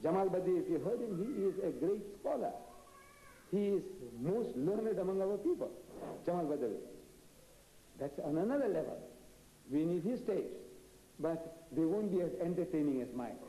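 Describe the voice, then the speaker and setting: An older man from India, raised in South Africa, delivers a combative, animated lecture full of rhetorical questions. His voice sits high yet sounds very dark and mellow. The sound rings with the long, echoey reverb of a large auditorium. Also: moderate pace, pauses often. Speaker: lecturer answering audience questions. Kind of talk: public lecture Q&A. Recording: echoey hall.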